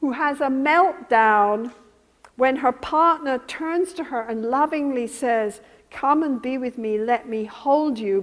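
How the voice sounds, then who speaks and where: A woman teaching a room of therapists in a calm, measured way, her voice sitting fairly high. She slows and softens as she models how to soothe a client. The sound rings with a long reverb, as in a lecture hall. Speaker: therapy trainer. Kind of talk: teaching lecture with role-played therapy examples.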